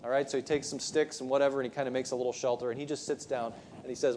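A man's voice: mid-range voice, flat delivery, racing, a little mellow, slight background noise. Conversational male preacher. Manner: conversational storytelling, frequent restarts. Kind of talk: sermon.

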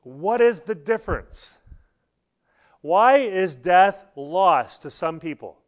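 A middle-aged man preaching a sermon in a church, telling stories and acting out quotes with sudden loud bursts. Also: high voice, lively intonation, slow. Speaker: pastor.

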